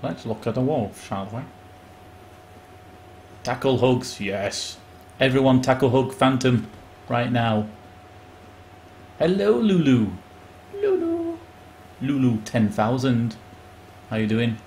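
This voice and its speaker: A man live-streaming a video game, chatting excitedly and greeting viewers by name. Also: medium pitch, takes it slowly, a little hiss or hum. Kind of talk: casual live game commentary.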